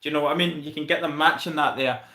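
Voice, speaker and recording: A Scottish man chats casually on his live stream, thanking viewers by name and calling them mate. His voice is fairly high for a man, with a bright, forceful edge. It rings in an echoey room. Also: steady tone, very fast. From Scotland. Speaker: channel host reviewing football.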